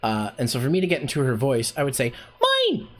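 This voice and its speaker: A man's voice: medium pitch, animated, fast talker. Rambling man teaching casually. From Canada. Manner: loose and rambling, heavy on fillers like "like" and "um". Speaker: voice acting workshop host.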